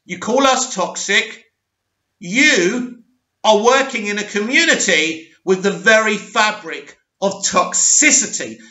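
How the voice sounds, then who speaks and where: A man hosting a fan vlog who rants indignantly, hammering home slow, repeated accusations. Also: high voice, animated, sharp tone. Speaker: vlog host. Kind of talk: angry fan commentary rant. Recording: roomy, dull lo-fi sound.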